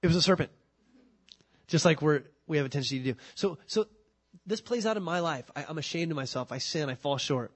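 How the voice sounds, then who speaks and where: A man preaching a sermon, animated, acting out the excuses people make in little voices. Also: on the high side, fast talker. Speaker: pastor.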